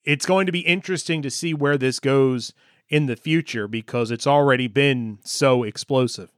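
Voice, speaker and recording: A man's voice: mid-range voice, normal speed, a bit bright, clear, resonant tone, no room sound. Male host, mid-range voice, dry close mic, direct conversational questions. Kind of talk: interview questions and commentary.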